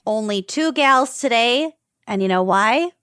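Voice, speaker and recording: A woman's voice: a little high, lively intonation, a little slow, fairly bright tone, smooth, no echo, studio quality. A woman co-hosting a podcast, chatty and giggly in casual conversation. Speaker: podcast co-host. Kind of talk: casual chat.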